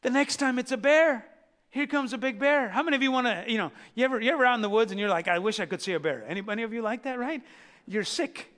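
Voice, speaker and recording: A man preaching a sermon, telling Bible stories with lively acted-out voices and asides to the congregation. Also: very high voice, fast talker. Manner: animated storytelling, acting out biblical characters. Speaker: pastor. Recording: reverberant hall.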